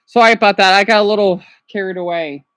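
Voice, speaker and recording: A man livestreaming his reactions, rambling and agitated, dropping to quiet mutters and then yelling at someone off to the side. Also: high voice, fairly even intonation, quick pace, smooth, no room sound. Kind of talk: casual livestream reaction chat.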